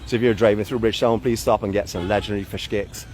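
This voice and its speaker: A man's voice: on the low side, steady tone, fast talker, darkish tone. Teasing Barbadian man on a walking tour. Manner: chatty, playfully teasing, boastful in jest. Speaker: vlog host and walking guide. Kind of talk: live walking tour narration. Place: outdoors by a seaside port in a town.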